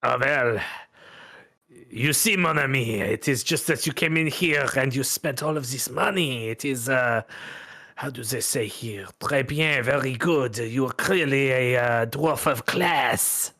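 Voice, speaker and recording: A man voicing a suave foreign gambler with a put-on French accent, speaking smoothly and courteously. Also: medium pitch, measured pace, sharp tone. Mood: smooth courtesy.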